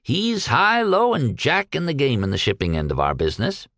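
A man's voice: medium pitch, huge pitch swings, moderate pace, a bit bright, no room sound, clean studio sound, pitched above the performer's own voice. A man reading aloud and voicing a shrewd, genial retired old businessman who talks in a purring, folksy way. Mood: amiable.

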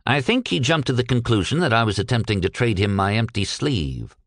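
An earnest, cheerful young veteran, as a man reading the story puts him on. He speaks politely and with confidence, his voice a little raised and lively. The sound is dry and close. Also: medium pitch, fairly quick, dry recording, voice pushed up. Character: cheerful young one-armed ex-soldier.

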